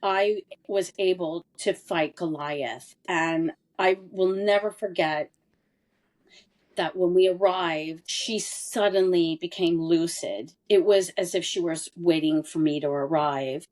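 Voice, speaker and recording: A woman in her forties speaks in an earnest, candid way, pressing hard on the words that matter. Her voice sits a little low. She tells a personal story as a podcast guest. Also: slow pace, darkish tone. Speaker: interview guest. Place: lived abroad in Europe.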